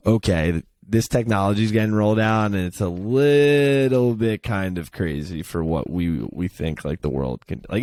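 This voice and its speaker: A young adult man co-hosting a podcast, talking in relaxed casual chat that is full of "like.". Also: deep voice, dry recording, clean studio sound. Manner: relaxed, lots of filler "like". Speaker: podcast co-host.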